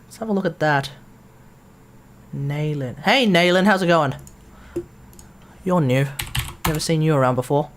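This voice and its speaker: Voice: mid-range voice, unhurried, pauses often, a little hiss or hum. Rambling Australian game streamer. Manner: rambling, laughing, swearing, self-correcting. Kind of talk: casual live-stream chat.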